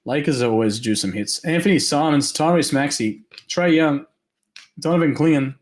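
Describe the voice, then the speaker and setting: A man hosting a live trading card break, rattling off names quickly and upbeat, his voice going hoarse. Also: on the high side. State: losing his voice.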